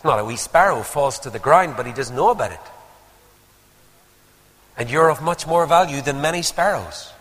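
Male preacher, lively pitch, storytelling sermon, long church-hall reverb. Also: normal speed, pauses often. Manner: animated storytelling with rhetorical questions.

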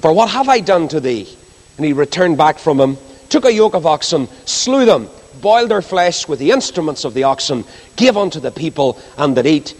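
A male preacher with a fairly high voice, reading scripture and swinging widely in pitch for emphasis. He breaks off into asides to the congregation. His voice carries a long reverb, as in a large hall. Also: normal speed. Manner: expressive, rising and falling emphasis, asides to the congregation.

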